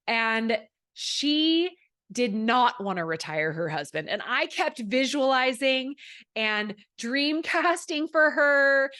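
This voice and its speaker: A woman's voice: on the high side, fairly bright tone. Woman in her thirties, solo podcast host, chatty and upbeat, loose with fillers. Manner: chatty, upbeat, many fillers, acts out quoted people. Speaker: podcast host and network marketing coach.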